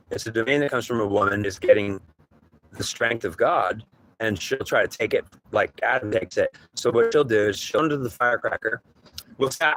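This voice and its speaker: A man's voice: mid-range voice, sharp tone, poor audio. A man giving a rambling spiritual talk, often restarting and repeating himself while acting out dialogue. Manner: rambling, repetitive, acts out dialogue. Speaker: spiritual teacher.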